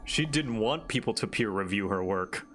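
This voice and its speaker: A young man streaming a game live, chatting in a jokey way with quick asides and lots of fillers. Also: lowish voice, animated, a bit bright, soft background music. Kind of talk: casual live gaming commentary.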